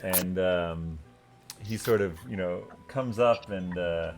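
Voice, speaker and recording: A young man narrating a tabletop game as game master, relaxed and halting. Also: deep voice.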